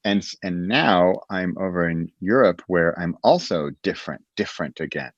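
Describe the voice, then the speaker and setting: A man's voice: sits low, moderate pace, dry recording. An American man telling his own story as a podcast guest, reflective and rambling, with many restarts. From United States. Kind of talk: casual interview storytelling. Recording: dull lo-fi dry sound.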